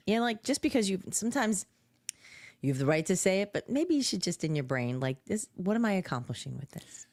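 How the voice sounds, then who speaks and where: Female podcast co-host, very low but expressive voice, dry close mic, chatty. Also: no room sound. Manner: chatty, laughs often, reads out comments. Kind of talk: casual opinion chat.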